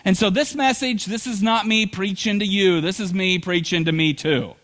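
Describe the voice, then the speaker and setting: A middle-aged male pastor preaching a sermon, telling humorous stories with lively, animated delivery. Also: sits high, normal speed.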